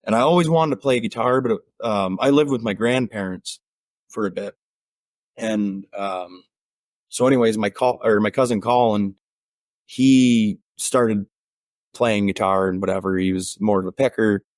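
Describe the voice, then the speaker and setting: A man with an Ottawa Valley country twang, chatting casually as a guest in an interview, relaxed and rambling with fillers and restarts. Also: lowish voice, a little slow, no echo, clean studio sound. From Ontario, Canada. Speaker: guest musician.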